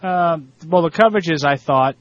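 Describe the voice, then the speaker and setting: A man with a Boston accent co-hosting sports talk radio, breaking down football plays in a blunt, grumbling way. His voice sits a bit higher than average and comes through a dull, dry studio feed. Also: normal speed, a bit bright, no room sound.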